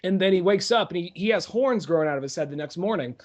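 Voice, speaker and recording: A man's voice: sits high, animated, fast talker. A young man co-hosting a podcast, retelling a film plot in rambling casual chat, full of fillers and swearing. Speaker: podcast co-host.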